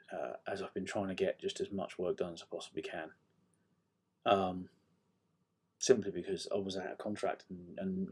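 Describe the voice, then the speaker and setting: A middle-aged man from South Yorkshire with a slightly croaky voice, chatting casually to camera in a rambling, self-deprecating way with many ums and restarts. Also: low voice. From South Yorkshire, England. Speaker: author vlogging a writing update. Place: home room, indoors.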